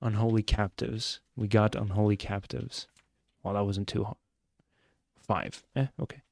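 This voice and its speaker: A man's voice: on the low side, fairly even intonation, a little slow, creaky, no echo. A young man streaming a mystery game live, chatting and joking with his viewers as he plays. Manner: chatty, joking, answers chat.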